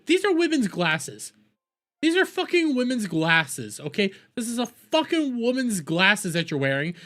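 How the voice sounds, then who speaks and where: Heated high-voiced man ranting. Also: bright, forceful tone. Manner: profane, heated, mocking. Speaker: streamer reacting to videos. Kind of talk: ranting commentary.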